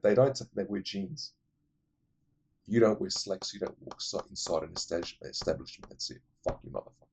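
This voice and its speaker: A movie list vlogger with a mid-range, slightly mellow voice and a breathy edge casually retells a film's plot for his ranking vlog. He wanders off on tangents and speaks bluntly, swearing as he goes.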